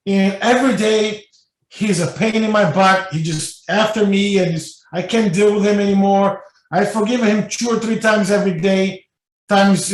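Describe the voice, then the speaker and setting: A man voicing an exasperated woman fed up with her husband, halting and repeating herself, in an echoey room. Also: medium pitch, close to an everyday voice. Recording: echoey room, mic at a distance.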